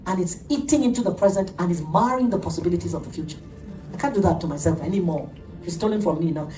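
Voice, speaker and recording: Animated woman preacher, echoey room. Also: fairly low pitch, fast, over music. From Nigeria. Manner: animated storytelling preacher, laughs often. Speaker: pastor. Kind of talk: sermon. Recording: echoey room, heard from a distance.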